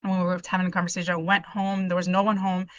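A woman's voice: lowish voice, little pitch movement, fast, dry recording, dull audio. A middle-aged woman giving an earnest, emotional personal testimony on a live video call, with many restarts. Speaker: podcast host sharing her testimony.

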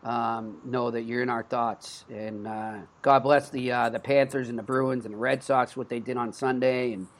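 Man, Boston accent, sports podcast host, casual rambling chat, mid-pitched voice. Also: fairly even intonation, normal speed, few pauses. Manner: rambling, with frequent restarts and fillers.

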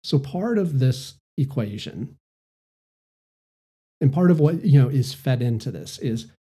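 A man's voice: medium pitch, lively intonation, measured pace, dark tone, husky. A man hosting a solo podcast, talking in a casual, rambling way with many fillers. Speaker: podcast host.

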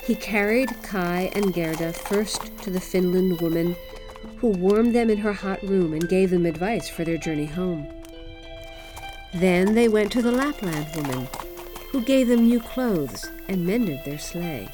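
A woman reading a fairy tale aloud in a gentle, expressive storybook manner. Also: lowish voice, unhurried, music in the background.

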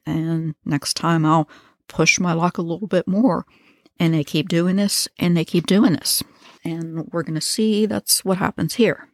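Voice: mid-range voice, no room sound, studio quality. A narrator retelling a crime case in a casual, conversational way with slangy asides.

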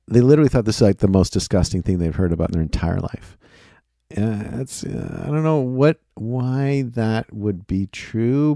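A man's voice: sits low, dark tone, no echo, studio quality. A man hosting a casual solo show, rambling in a playful, self-deprecating way. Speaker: podcast host.

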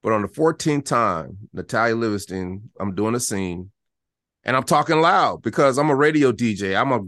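A man, an actor and guest, telling animated stories in a casual interview, sometimes dropping to a near-whisper to make a point. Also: medium pitch, normal speed, dry recording. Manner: animated, storytelling, drops to a hush to demonstrate.

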